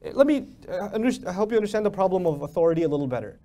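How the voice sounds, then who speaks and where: Animated high-voiced male lecturer. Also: racing. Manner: animated, rhetorical questions, acts out mock dialogues. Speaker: lecturer on the Quran. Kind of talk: Islamic lecture.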